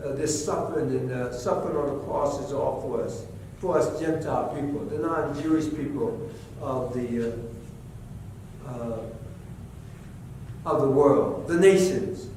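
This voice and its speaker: A man preaching a sermon as pastor in a church, swinging from quiet teaching to impassioned shouting. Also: mid-range voice, a little slow, pauses often, a little hiss or hum. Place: church sanctuary. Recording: echoey church sanctuary from far off.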